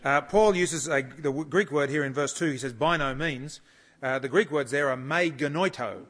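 A man preaches an expository sermon, his voice sitting a little higher than most men's. He reads passages slowly and stops often to explain them. His delivery stays measured, with firm emphasis on key words. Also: a bit bright. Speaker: conference speaker teaching the Bible.

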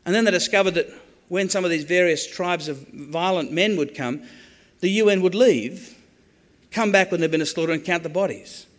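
A man preaching a sermon on the Psalms, animated, acting out quoted prayers with jokey asides. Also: high voice, normal speed.

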